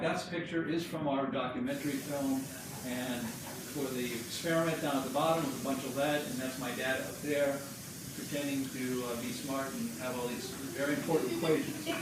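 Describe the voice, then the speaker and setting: Chatty man in an echoey room. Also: fairly high pitch. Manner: chatty, joking storyteller. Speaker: book co-author presenting his book. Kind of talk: informal slideshow talk to friends and family. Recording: echoey room, distant mic, background noise.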